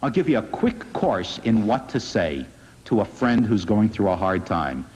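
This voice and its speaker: Rabbi guy giving an uplifting talk, kinda husky, big echoey hall, dull old sound. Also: lowish voice, sing-song, moderate pace. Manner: earnest, gently wry storyteller. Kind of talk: inspirational public talk. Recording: dull lo-fi recording in a reverberant hall.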